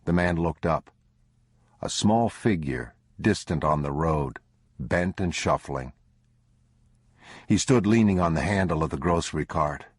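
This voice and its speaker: Male audiobook narrator, very low voice, husky, unhurried, dry close sound. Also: expressive, dry recording. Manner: low measured grim delivery. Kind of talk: scripted narration.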